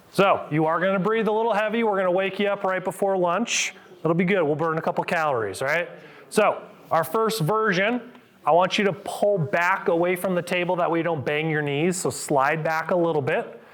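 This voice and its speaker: A man's voice: sits high, moderate pace, fairly bright tone. A middle-aged man, a physical therapist, coaching a live group through exercises with upbeat cues and counts.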